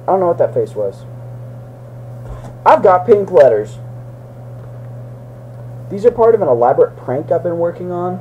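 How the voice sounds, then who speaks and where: A young man talking casually to the camera in a goofy, joking way, breaking into loud outbursts. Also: high voice, big pitch swings, moderate pace, long pauses, lo-fi sound, a little hiss or hum. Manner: goofy, jokey, with sudden loud shouted bits. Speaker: vlogger. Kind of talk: casual video blog to his brother.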